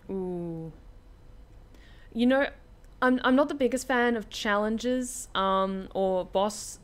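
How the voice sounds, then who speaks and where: A woman streaming a video game, chattily thinking aloud and reacting excitedly. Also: mid-range voice, a little hiss or hum. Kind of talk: live game commentary.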